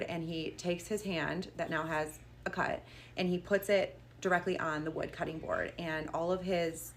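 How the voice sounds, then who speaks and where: A woman's voice: lowish voice, slight background noise. A young woman casually telling a storytime tale, chatty and full of "like" as she quotes each person. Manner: chatty, quoting people with "like".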